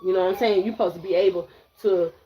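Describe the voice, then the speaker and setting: A woman's voice: on the low side, steady tone, quick pace, muffled recording. A woman giving a blunt, repetitive live tarot reading, talking straight to her viewers. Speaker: tarot reader.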